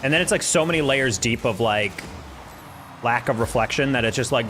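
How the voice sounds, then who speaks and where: A young man streams a game and talks casually to his chat in a voice of middle pitch. He slides into slangy, profane rants about teammates. Faint game music plays under his voice. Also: fairly quick, fairly bright tone. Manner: laid-back, ranting with profanity and slang. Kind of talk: casual gameplay commentary to chat.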